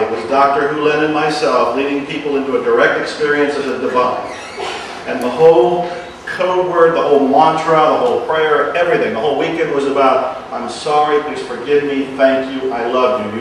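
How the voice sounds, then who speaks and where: A man's voice: a little high, slight background noise. Earnest self-help man, very echoey room. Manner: earnest, repeats phrases in a hushed soft voice. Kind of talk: motivational talk to an audience. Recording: very echoey room, speaker far from mic.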